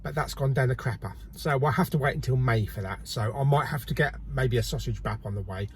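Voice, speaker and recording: A man's voice: medium pitch, a little fast, breathy edge. A man hosting a casual shopping vlog, cheeky and jokey, swearing casually. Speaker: video host. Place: car and multi-storey car park.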